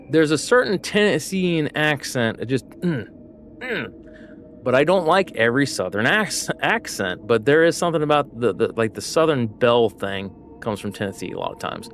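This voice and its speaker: A man's voice: mid-range voice, big pitch swings, moderate pace, fairly bright tone, slight background noise. A man from the United States, a gaming streamer, chatting casually and rambling with lots of fillers while he plays. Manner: rambling, filler-heavy, easygoing.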